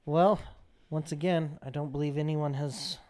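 A man's voice: fairly high pitch, steady tone, normal speed, darkish tone. A man from Texas co-hosting a casual podcast chat, joking and provocative and laughing often. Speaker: podcast co-host.

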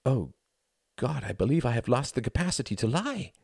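A man voicing a shy, earnest young woman in an audiobook, speaking softly and hesitantly. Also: mid-range voice, big pitch swings, normal speed, creaky, slightly rough, no room sound, clean studio sound, pitched above the performer's own voice, heavily acted. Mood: soft, wistful. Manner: soft, hesitant delivery.

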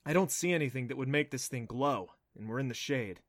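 A man's voice: medium pitch, fairly quick, dry recording, studio quality, close to an everyday voice. A man voicing a curious, eager young boy who cracks jokes, in an audiobook reading.

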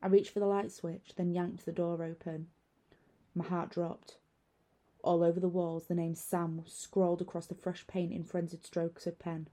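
A young adult woman narrating a first-person horror story in a measured way, letting the unease build slowly. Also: lowish voice, little pitch movement, mellow.

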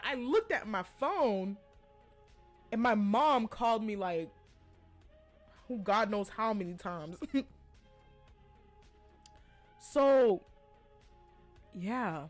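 A young woman hosting a podcast, casually telling a personal story with lots of animated asides and quoted voices. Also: a little high. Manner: chatty, animated retelling with quoted voices and laughs. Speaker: podcast host.

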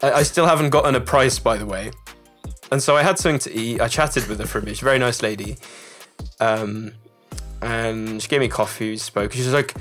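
A young man from the Czech Republic, telling a story in loose, swearing, animated casual chat on a podcast. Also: medium pitch, brisk, soft background music. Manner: swearing, animated storyteller doing character voices.

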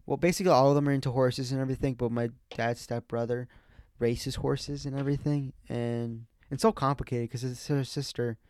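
A man's voice: mid-range voice, flat delivery, a little fast, a little mellow, clean tone, dry recording, clean studio sound. A young man from the USA talking in a loose, rambling monologue, full of restarts and "like" fillers, swearing casually. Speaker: podcast host.

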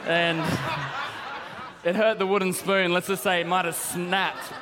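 A young man preaches to a congregation, telling stories with a joking touch. His voice sits high for a man. It carries a long reverb from the large church hall. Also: little pitch movement, a little slow, background noise. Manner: storytelling, joking. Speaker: pastor. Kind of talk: sermon.

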